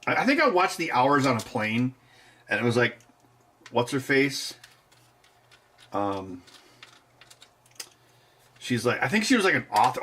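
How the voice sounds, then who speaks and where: A man's voice: mid-range voice, very animated, normal speed, pauses often, a bit bright. A man hosting a live stream, chatting casually and wryly while tinkering and testing gear. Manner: wry, offhand, laughs at his own jokes.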